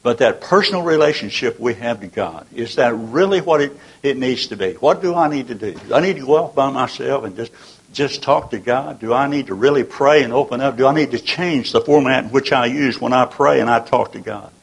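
A man's voice: medium pitch, fairly quick, creaky, husky, rough recording. An older man preaching a sermon in a folksy, earnest way, asking many rhetorical questions and often restarting his sentences.

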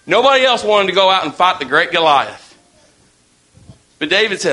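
A man's voice: a little high, fairly quick, bright, forceful tone. A man preaching a sermon in a folksy, storytelling way.

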